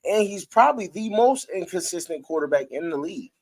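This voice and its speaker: A man's voice: sits high, expressive, a little fast. A man hosting a casual live-stream sports talk show, talking loosely with his viewers and breaking into laughter.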